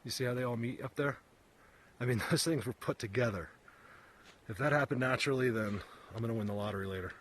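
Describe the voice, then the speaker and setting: A man's voice: medium pitch, quick pace, a bit bright, slight background noise. A man vlogging on a forest walk, talking in a rambling way while out of breath, repeating himself and getting worked up. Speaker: vlogger searching for Bigfoot signs. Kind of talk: casual walking commentary. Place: outdoors in a forest.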